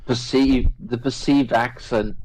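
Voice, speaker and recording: A man talking casually, circling his point with stops and restarts. His voice sits at an ordinary middle pitch, and he drifts from thought to thought in a loose, chatty way. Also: fairly even intonation, a little mellow, a little hiss or hum, rough recording. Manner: rambling, halting restarts, frequent laughs. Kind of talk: casual chat.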